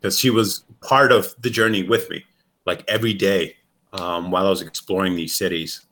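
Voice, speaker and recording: A man from the United States chats casually as co-host, rambling and animated, with plenty of swearing and laughter. His voice sits a bit low. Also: moderate pace. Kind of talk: casual chat.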